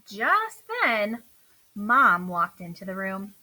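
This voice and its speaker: A woman reading a children's picture book aloud in a slow, expressive storytelling manner. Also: medium pitch, a little hiss or hum, low-quality recording.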